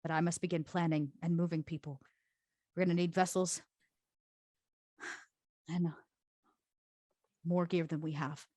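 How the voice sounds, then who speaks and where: A woman voicing a busy, determined woman leader in a tabletop game, speaking quietly and earnestly. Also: on the low side, little pitch movement, a little slow, pauses often, no echo. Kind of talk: tabletop game role-play.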